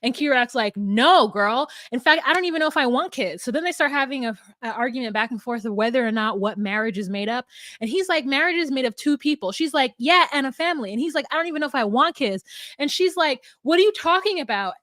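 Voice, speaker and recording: A woman co-hosting a podcast, retelling a show scene in casual chat, blunt and quick to laugh. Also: high-pitched, lively intonation, fairly bright tone, no echo, clean studio sound. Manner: blunt, laughs along often. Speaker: podcast co-host.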